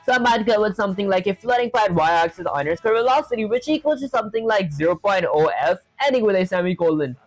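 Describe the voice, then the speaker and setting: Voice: mid-range voice, lively intonation, fast, few pauses, no room sound. A streamer thinking aloud while coding live, talking casually and rambling with frequent self-corrections, and answering chat questions.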